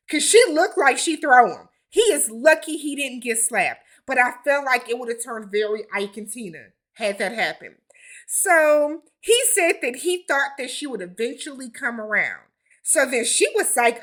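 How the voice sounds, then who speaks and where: A woman hosting a casual reality TV recap, with blunt, animated commentary and slangy asides. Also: high voice, a little slow. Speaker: TV recap host.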